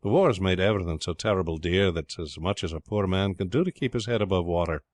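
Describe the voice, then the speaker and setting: A man's voice: low-pitched, fast, no room sound, lightly acted. A man voicing a cheerful, hardworking fisherman who talks in rustic dialect grammar in a storybook reading. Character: hardworking old fisherman, cheerful, rough-spoken.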